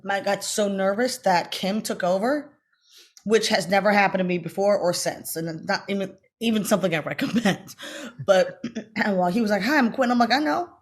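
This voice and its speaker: A middle-aged actress tells a story during a casual interview, her mid-range voice animated as she acts out the voices she quotes. She talks fast, in bursts.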